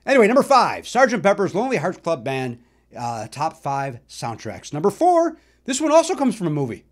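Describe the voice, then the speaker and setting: A middle-aged male comedian hosting his own podcast, telling self-mocking stories about records, with loud bursts and mumbled asides. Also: high-pitched, wildly swooping pitch, fairly quick. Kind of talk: comic solo monologue about records.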